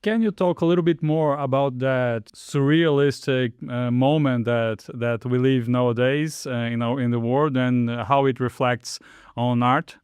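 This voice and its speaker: A man with a Brazilian Portuguese accent asks an interview guest questions over a video call. His voice is smooth and resonant at a mid pitch. He often pauses to search for words, and the sound is dry and close. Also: steady tone, a little mellow, dry recording. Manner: hesitant, many uh fillers, polite.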